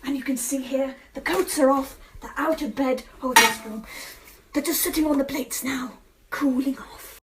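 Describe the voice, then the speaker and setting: A woman's voice: sits high, fairly even intonation, moderate pace, heavy background noise. A woman co-hosting a comedy baking skit, goofy and playful with whispered asides. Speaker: comedy host.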